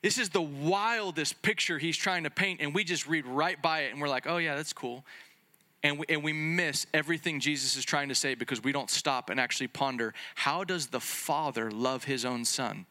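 A man preaching with a bright, forceful tone and a slightly high voice. He talks in a loose, conversational way, full of "like" and quick restarts, and slips into playful little dialogues to make his point. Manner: excitable, conversational preaching with many fillers and restarts; acts out little dialogues between Jesus and the Father. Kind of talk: sermon.

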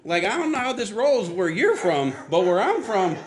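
A man from Florida preaches in a relaxed, conversational way, like he is talking with the congregation. His voice sits a little high for a man. He tells stories with lively energy and acts out sounds and voices as he goes. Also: moderate pace, crowd noise. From Florida, US South. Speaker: pastor. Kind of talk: conversational sermon.

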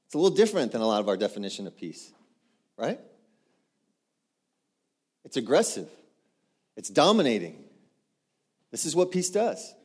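A man preaching a sermon, emphatic and punchy, often driving a point home through repetition. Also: medium pitch. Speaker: pastor.

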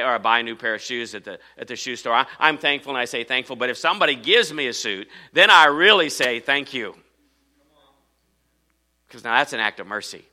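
A man's voice: mid-range voice, sharp tone. A man preaching a sermon, earnest and repeating phrases for emphasis. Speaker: pastor.

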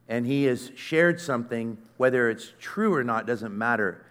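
A middle-aged man giving a sermon, telling a personal story in a conversational, earnest way that swings from loud to hushed. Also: medium pitch, animated, normal speed, few pauses, clear, resonant tone. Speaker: conference speaker.

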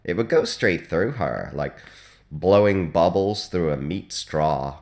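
A man hosting a comic hospital radio show in a dry, deadpan monologue with sudden loud jumps. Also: deep voice, takes it slowly.

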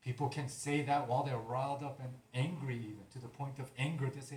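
A man's voice: medium pitch, fairly even intonation, fast talker, few pauses, a little mellow. A man preaching a sermon, earnest and building to emphatic declarations. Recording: roomy echo.

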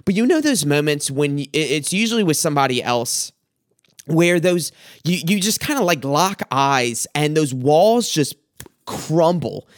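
A young man hosting a podcast, giving a reflective faith talk in an earnest, halting way, often repeating words as he tells a personal story. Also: fairly high pitch, lively intonation, no room sound, studio quality. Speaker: podcast host.

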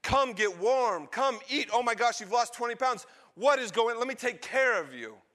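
Overjoyed old dad, loud and raised , voiced by a preacher, bright tone. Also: male voice, very high-pitched, expressive, normal speed, voice pushed up, heavily acted. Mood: elated. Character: overjoyed elderly father welcoming his son home.

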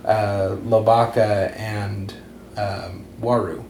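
A man's voice: lowish voice, level tone, extremely slow, darkish tone, roomy sound, a little hiss or hum. A man in casual chat, animatedly retelling story plots to friends.

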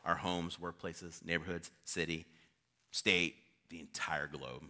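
A man's voice: deep voice, fairly even intonation, measured pace, sharp tone. A male pastor preaching a sermon in an informal, conversational storytelling way.

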